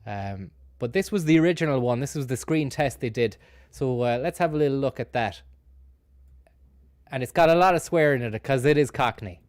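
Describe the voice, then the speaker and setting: A man's voice: medium pitch, animated, a little fast, a little mellow, dry recording. Rambling male streamer, dry sound. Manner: rambling, many fillers, grateful. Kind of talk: casual stream commentary.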